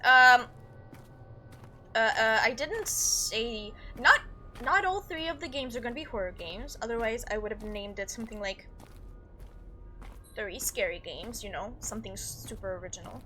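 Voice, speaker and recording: A woman's voice: a little high, moderate pace, bright, forceful tone, faint music behind. A woman hosting a let's-play, giving nervous, jumpy commentary and talking back to the game. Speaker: gaming video host.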